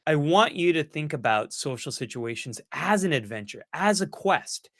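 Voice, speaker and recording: A man's voice: fairly high pitch, expressive, moderate pace, fairly bright tone, dry recording, studio quality. A man hosting a live-stream Q&A, answering viewer questions in an earnest, encouraging way with self-mocking asides.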